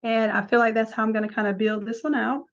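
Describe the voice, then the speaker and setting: A woman's voice: a little high, fairly even intonation, fast talker, lo-fi sound. Chatty woman teaching a live design class. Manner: casual, chatty, talks through each step. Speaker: design instructor. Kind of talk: live screen-share tutorial.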